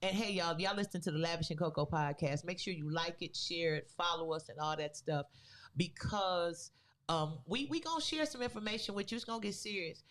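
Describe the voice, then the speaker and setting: Animated storytelling woman podcast host. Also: fairly low pitch, a little fast. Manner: animated, acts out the people in her story; casual vernacular phrasing. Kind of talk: casual storytelling chat.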